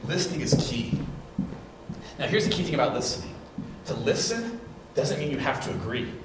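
Pastor telling stories in an echoey hall. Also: male voice, mid-range voice, normal speed. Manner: animated storytelling, acts out quotes. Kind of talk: sermon with live demonstration. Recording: echoey hall, distant mic, noisy.

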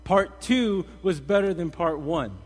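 A young man giving a casual, slangy sermon as a pastor, animated and energetic in his storytelling. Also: high-pitched, measured pace. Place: church hall. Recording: long reverb in a hall.

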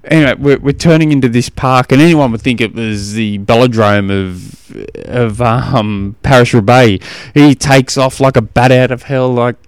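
A middle-aged Australian man hosts his podcast in easygoing chat, rambling and correcting himself as he goes. His voice is smooth and clean, recorded close and dry with no room sound. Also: mid-range voice, moderate pace, hardly any pauses, no room sound. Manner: rambling storytelling with self-corrections and laughs. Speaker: podcast host and coach. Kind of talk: casual chat.

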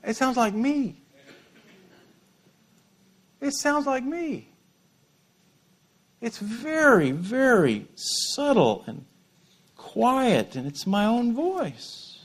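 A middle-aged male pastor preaching an animated sermon, with humorous asides and repeated words. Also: very high-pitched, very slow, long pauses.

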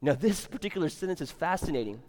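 A fairly high-voiced man preaches with easy enthusiasm, talking to his congregation as if chatting with friends and tripping over a word now and then. His voice rings out through the long reverb of a church sanctuary. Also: expressive, quick pace, a little mellow. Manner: conversational, enthusiastic, stumbles and repeats words. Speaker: pastor. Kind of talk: sermon.

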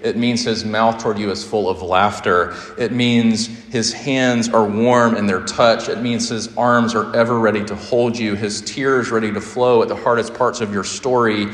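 A man in his thirties preaching a sermon as pastor, an animated storyteller who slows down to press his points. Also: fairly low pitch. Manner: animated storyteller, sings snatches of a song, slows down for emphasis. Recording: roomy hall reverb.

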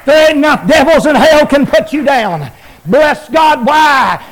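A man preaches, his voice riding very high as he chants the same phrases again and again. He builds in waves to loud, ringing shouts, then drops low between them. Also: lively intonation, unhurried, low-quality recording. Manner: chanting, repetitive, rises to shouts. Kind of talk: shouted revival sermon.

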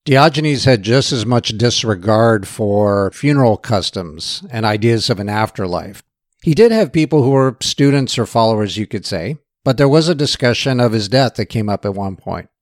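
Low-voiced man telling history. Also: moderate pace, no echo, clean studio sound. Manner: relaxed storyteller. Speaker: lecturer. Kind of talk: storytelling lecture.

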